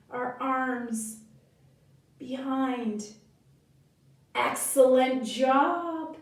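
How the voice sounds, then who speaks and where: A woman yoga teacher with a very high voice leads a children's yoga session woven with storytelling, unhurried, gentle and encouraging as she cues breaths and moves. The room is echoey and the mic distant.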